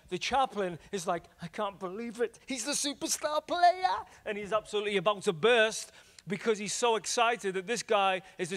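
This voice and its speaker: An Irish evangelist with a high voice teaches and tells stories in a church hall, and the recording carries a long hall reverb. His preaching style is animated and repetitive, with his loudness rising and dropping as he talks.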